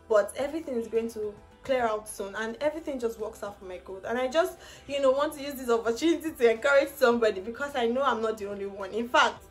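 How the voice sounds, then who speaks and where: Young woman vlogger with a high voice, emotional personal story, laughs through tears, light music underneath. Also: fairly bright tone.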